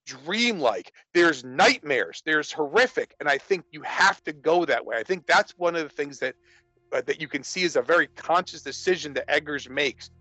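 A man's voice: a little high, expressive, normal speed, sharp tone, no echo, faint music behind, rough recording. A man talking casually about horror films, rambling with many restarts. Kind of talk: casual movie discussion.

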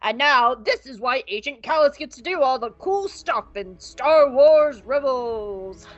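A self-important old imperial officer drones on slowly and grandly, as a woman puts him on. The pitch sits raised, with a strained, unnatural timbre. The podcast audio is slightly dull, with faint music behind. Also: lively intonation. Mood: pompous. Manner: slow, stiff, self-important speech.

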